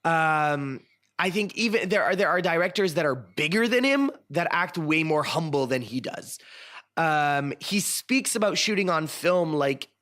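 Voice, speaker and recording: A man's voice: a little high, lively intonation, unhurried, a bit bright. A man hosting a casual chat, giving strong opinions with frequent ums and restarts. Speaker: host.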